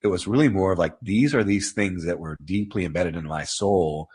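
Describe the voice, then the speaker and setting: A man guest on a podcast, talking in a heartfelt, halting way, sniffling near tears and joking at himself. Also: deep voice, a little mellow, husky. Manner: heartfelt, halting, self-deprecating. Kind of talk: reflective conversational interview.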